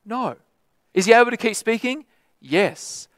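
A man's voice: very high voice, expressive, unhurried, a bit bright, no echo, studio quality. A man preaching a sermon in a conversational way, often adding tag questions.

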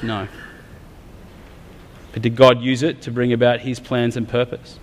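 A man's voice: medium pitch, flat delivery, measured pace, long pauses. An Australian man preaching a sermon, talking candidly and conversationally with some humor. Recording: long reverb of a large hall.

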